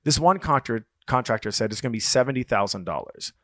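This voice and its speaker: Male podcast co-host, mid pitch, loose swearing storyteller, dry close mic. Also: lively intonation, fast talker, a bit bright, dry recording. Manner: rambling, swears freely, retells stories with quoted voices. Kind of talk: casual chat.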